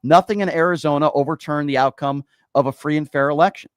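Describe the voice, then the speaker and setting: A man's voice: on the high side, quick pace, clean tone, dry recording. A man hosting a call-in political talk show, combative and sarcastic, insulting his callers.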